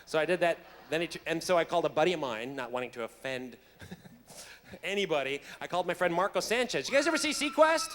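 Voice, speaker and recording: A man's voice: fairly high pitch, fast talker. A man telling a funny backstage story to a convention audience, laughing often and tripping over his words. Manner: animated, laughing, stumbling restarts. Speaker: convention guest actor. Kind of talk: casual on-stage storytelling. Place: convention hall stage. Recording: reverberant hall with faint crowd noise.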